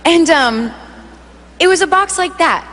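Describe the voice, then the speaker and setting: A woman worship singer giving an emotional spoken testimony, telling it in an animated way and acting out the voices. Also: very high voice, unhurried. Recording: long hall reverb.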